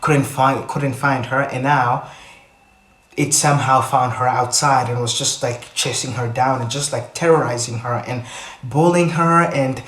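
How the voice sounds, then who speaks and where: A man's voice: mid-range voice, fairly even intonation, a little slow, fairly bright tone. A young man telling a story casually to his channel, rambling with many restarts and fillers. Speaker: vlogger. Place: indoors at home. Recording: echoey room.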